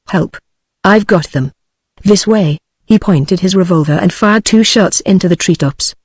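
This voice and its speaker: A woman's synthetic voice with a British English accent, reading a novel aloud in steady, even scripted narration. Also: on the low side, dry recording.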